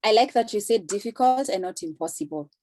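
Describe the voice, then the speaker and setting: A woman's voice: medium pitch, animated, a little fast, darkish tone. A woman speaking earnestly on a video call, explaining career advice in a conversational way and acting out short example phrases.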